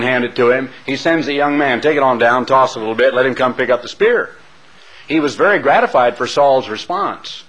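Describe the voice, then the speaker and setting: A man's voice: mid-range voice, fairly bright tone, husky, rough recording. A man preaching a sermon who tells Bible stories dramatically and stresses his points hard. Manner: dramatic storytelling, emphatic.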